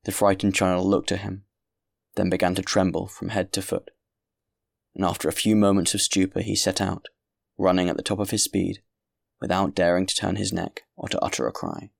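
Deep, gravelly male narrator. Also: fairly even intonation, dry recording, studio quality. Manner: measured, grave literary reading. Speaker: audiobook narrator. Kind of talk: scripted narration.

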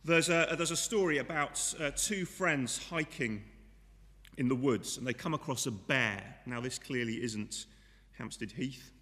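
Speaking a little slowly with a sharp tone, a man of medium pitch preaches in church with a big-room sound. His delivery is conversational, peppered with rhetorical questions for his listeners.

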